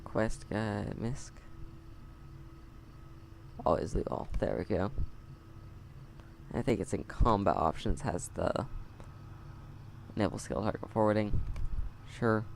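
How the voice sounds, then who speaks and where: A gravelly-voiced man gives chatty, sarcastic let's-play commentary into a close mic at home. His pitch sits mid-range, and a faint hiss lies under it. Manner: wry, chatty, sarcastic asides and laughs. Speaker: game player. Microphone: close desk mic.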